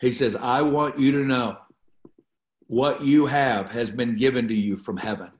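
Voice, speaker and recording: Man, Bible study teacher, preaching, repetitive emphasis, medium pitch, echoey room. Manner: reads scripture aloud and preaches on it, repeating phrases for emphasis. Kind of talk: teaching sermon.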